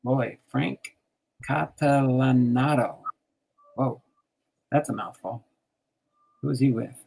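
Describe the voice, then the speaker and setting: Older man from jersey, raspy gravelly voice, chatty and giggly. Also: medium pitch, slow, a little mellow. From New Jersey. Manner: chatty, laughs often, reads out card names. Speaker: host sorting baseball cards on a stream. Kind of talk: casual chat.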